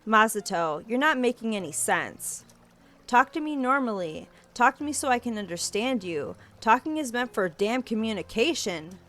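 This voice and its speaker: A woman's voice: a little high, sing-song, moderate pace, a bit bright. Woman voicing a frustrated seventeen-year-old assistant. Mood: shouting.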